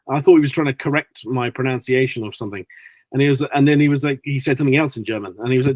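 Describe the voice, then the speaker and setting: A British man, an actor, chatting as an interview guest and telling lively stories with acted-out quotes. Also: mid-range voice, rapid-fire, dry recording. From Britain. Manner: animated storyteller acting out quotes. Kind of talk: casual interview chat.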